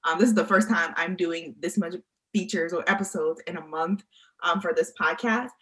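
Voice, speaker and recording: Bright, bubbly woman podcast host. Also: fairly low pitch, normal speed, rough recording. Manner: bubbly, laughs often, speaks in bursts. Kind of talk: casual podcast chat.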